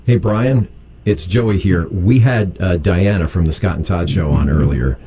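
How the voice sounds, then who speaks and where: Deep, mellow male radio host. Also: measured pace, slight background noise. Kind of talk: live radio chat. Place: radio studio.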